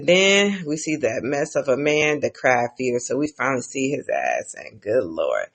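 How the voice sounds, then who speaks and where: A woman's voice: a bass voice, lively intonation, normal speed, creaky, hardly any pauses, breathy edge. A woman casually recapping TV episodes, chatty and profane, laughing as she tells the story. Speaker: TV recap vlogger.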